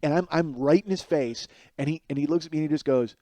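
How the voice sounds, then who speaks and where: A man in his forties tells a comic story alone on his podcast, animated and cheerfully profane, often laughing at himself. His voice sits a little high but has a mellow, relaxed tone. The sound is close and dry. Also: fast talker, no room sound. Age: 40s. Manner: animated, profane, self-mocking. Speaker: podcast host. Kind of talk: solo comedic storytelling.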